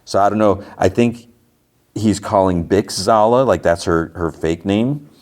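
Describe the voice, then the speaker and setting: An unhurried podcast host with a darkish voice on the low side casually works through TV episode recaps. He drifts as he talks and leans on "like" a lot.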